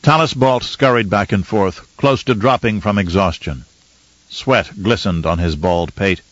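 A man narrating an audiobook in a measured, steady way. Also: fairly low pitch, dry recording, highs cut off. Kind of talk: scripted narration.

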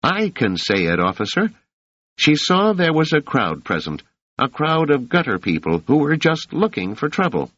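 A man voicing a shrill, indignant middle-aged landlady who accuses her lodgers, in a slightly muffled recording. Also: sing-song, normal speed, fairly bright tone, breathy edge, dry recording, heavily acted. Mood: shrill, accusing.

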